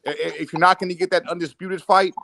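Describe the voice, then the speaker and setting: A man's voice: sits high, flat delivery, fast talker, pushed and bright, slight background noise. A man hosting a casual chat, giving blunt opinions with casual swearing.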